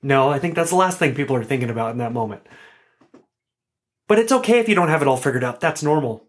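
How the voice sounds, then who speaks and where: A man's voice: medium pitch, expressive, fast. A man hosting a podcast on his own, talking in an earnest, chatty way and often restarting or correcting himself. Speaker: podcast host. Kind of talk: solo podcast talk, casual.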